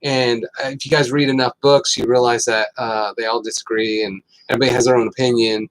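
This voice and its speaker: A middle-aged man hosting a casual health talk, telling stories with lots of fillers and getting animated. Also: medium pitch, fast talker, low-quality recording. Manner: rambling, animated storytelling with fillers. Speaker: host.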